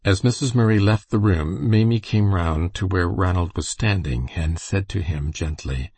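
Deep, gravelly male audiobook narrator. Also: moderate pace, few pauses, a little mellow, no room sound. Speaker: audiobook reader. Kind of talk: scripted narration.

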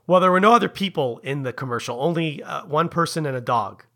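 A man co-hosting a podcast who talks through a story in a measured, patient way. His voice sits a little high and sounds bright and forceful. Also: expressive. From Canada. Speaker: podcast co-host. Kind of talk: casual chat.

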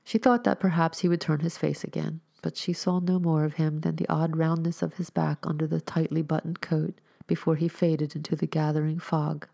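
A woman reading a short story aloud as a storyteller, with measured, expressive narration. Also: sits low, gravelly.

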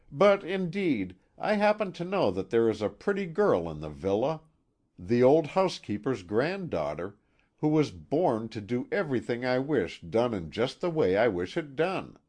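A man's voice: medium pitch, a little mellow, pitched above the performer's own voice. A man voicing a wilful, playful young wife who talks in a light, teasing way.

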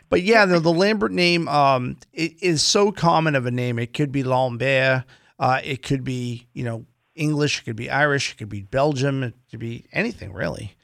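A man on a radio show talking easily about family history, relaxed and explanatory, laughing now and then. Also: mid-range voice, gravelly, no room sound, studio quality. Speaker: guest genealogist. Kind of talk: radio guest chat.

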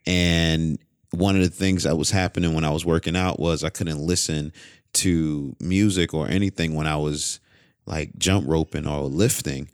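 A man's voice: extremely low pitch, dry recording, studio quality. A man in casual chat, laid-back and joking as he defends himself.

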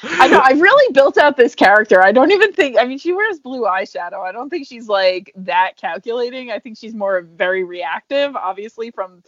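A woman's voice: a little high, lively intonation, normal speed, fairly bright tone, no echo. A young woman co-hosting a podcast, chatting casually and animatedly, laughing often and acting out quoted voices. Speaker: podcast co-host. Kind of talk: casual chat. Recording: dull, dry home podcast audio.

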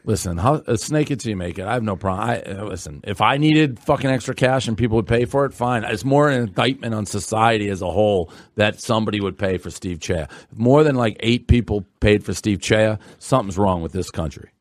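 A man's voice: fairly low pitch, a little fast, hardly any pauses, no echo, clean studio sound. A man hosting a podcast in casual chat, blunt and profane, telling stories with animation. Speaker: podcast host.

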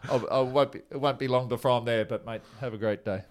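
Relaxed man, forties, yarn-spinning interview guest, mid-pitched voice, easygoing delivery. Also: a little fast, very noisy. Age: 40s. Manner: chatty and laid-back, with many restarts. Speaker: former teammate telling stories. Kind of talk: casual anecdotal interview.

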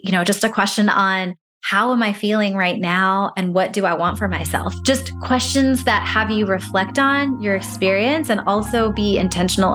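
A woman's voice: medium pitch, fairly bright tone. A woman speaking as a career break coach in an interview, giving encouraging advice and acting out little inner voices.

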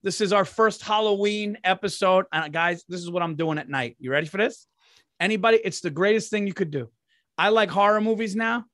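A man's voice: sits high, fairly quick, a bit bright, dry recording, studio quality. A middle-aged man co-hosting a podcast, chatting casually and profanely, laughing often, and reading an ad in between. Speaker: podcast co-host. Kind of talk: casual podcast chat with ad read.

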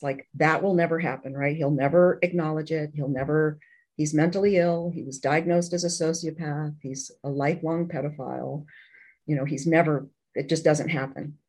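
A woman's voice: deep voice, a little mellow, rough recording. A woman telling a painful personal story in an interview, candid and earnest, often restarting her sentences. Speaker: interview guest.

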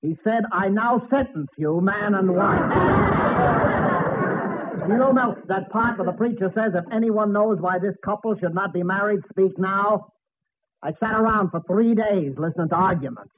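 A man's voice: sits high, normal speed, lightly acted. Male actor as a downtrodden married man cracking jokes; hissy 1940s broadcast. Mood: rueful. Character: Mister Cushing, henpecked lodge president, middle-aged man. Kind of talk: 1940s radio sitcom acting. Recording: tinny old radio broadcast with hiss.

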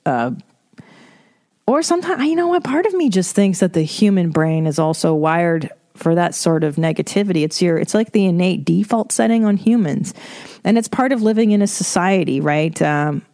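A woman's voice: fairly low pitch, lively intonation, normal speed, mellow, no room sound, clean studio sound. A woman hosting a podcast, talking frankly and rambling in a casual monologue full of swearing and restarts. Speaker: podcast host.

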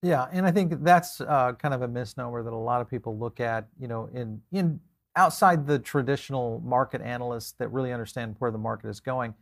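Gravelly-voiced male host. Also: medium pitch. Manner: conversational, hesitant phrasing. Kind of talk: interview questions.

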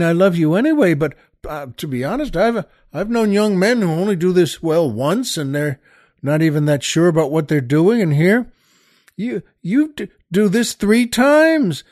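A man voicing a young wife in a told joke, out of breath and amazed as she talks, his voice pitched up for her. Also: darkish tone, no echo, studio quality.

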